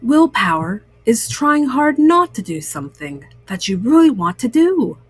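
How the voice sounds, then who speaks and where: A woman voicing a sensible, patient male frog in a storybook reading, calm and reasoning. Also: a little high, unhurried, husky, no echo, exaggerated voice.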